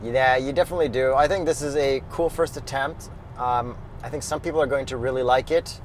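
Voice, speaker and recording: A man's voice: medium pitch, fairly quick, slight background noise. A young man from Canada, co-hosting a casual car review, joking and ranting with emphatic energy. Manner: excitable, jokey, emphatic rants.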